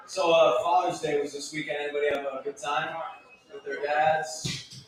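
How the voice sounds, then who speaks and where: A man doing a stand-up set at an open mic with dry, deadpan setups. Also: fairly high pitch, moderate pace, background noise. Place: bar stage at an open mic. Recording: echoey room, taped from far off.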